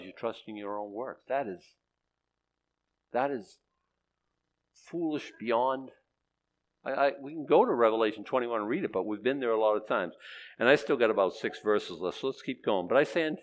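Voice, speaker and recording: Animated man preaching a sermon. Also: lowish voice. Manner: animated, with sudden jumps in loudness and humorous asides; frequent restarts and repeated words. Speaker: pastor. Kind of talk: conversational verse-by-verse sermon.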